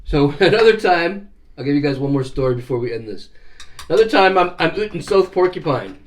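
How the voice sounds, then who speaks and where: A middle-aged man spins rambling stories in a casual vlog, swearing often and getting loud and animated at the tense parts. His voice sits a little high for a man. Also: a little fast. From Canada. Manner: profane, animated storyteller. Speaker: vlogger. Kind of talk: casual storytelling.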